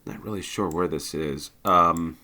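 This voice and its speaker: Deep-voiced man musing through a map game. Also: a little slow, pushed and bright. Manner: thinking aloud, hesitant with many ums. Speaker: game commentator. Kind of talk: casual gameplay commentary.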